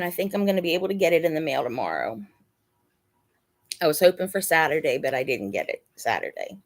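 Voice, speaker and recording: A woman's voice: low voice, sing-song, brisk. A woman hosting a casual live chat from her bed at home, emotional and close to tears. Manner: talks to her pets mid-stream. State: dry mouth. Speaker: channel host.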